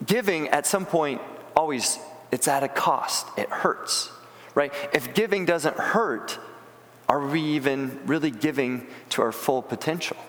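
A man delivers a sermon in a church sanctuary, speaking earnestly and plainly with frequent restarts. His voice sits a little high for a man. The sound carries a long reverb from the hall. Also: measured pace, a bit bright. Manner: earnest, plain-spoken, restarts words often. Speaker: pastor.

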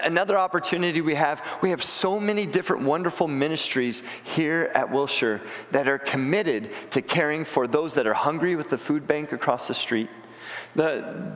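A man delivers a sermon in a church sanctuary, speaking earnestly and plainly with frequent restarts. His voice sits a little high for a man. The sound carries a long reverb from the hall. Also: a bit bright. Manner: earnest, plain-spoken, restarts words often. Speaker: pastor.

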